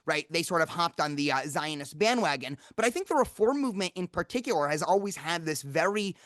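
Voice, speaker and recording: Give me a young man interviewer with a slightly high voice, explaining history in an engaged, lecturing way. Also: lively intonation, brisk, a bit bright, no room sound, clean studio sound. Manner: lecturing, peppers talk with "right?" and "you know". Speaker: podcast host, campus rabbi. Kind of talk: podcast interview.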